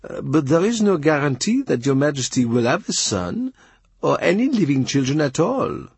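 A man's voice: on the high side, big pitch swings, moderate pace, darkish tone, slightly rough, no room sound, pitched above the performer's own voice, exaggerated voice. A man voicing an obsequious, hesitant male diplomat who starts with fillers. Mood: wary.

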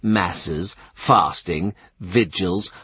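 A man's voice: low-pitched, extremely slow, bright, forceful tone, husky, no echo, pitched below the performer's own voice, exaggerated voice. A man reading an audiobook, voicing a small, zealous priest who preaches in an ecstatic, self-assured way.

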